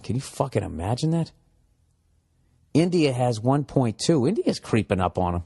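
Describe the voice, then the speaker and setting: A man hosting a solo comedy podcast, riffing profanely on news stories and breaking into shouted bits. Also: medium pitch, very animated, normal speed, creaky, long pauses, breathy edge. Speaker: podcast host.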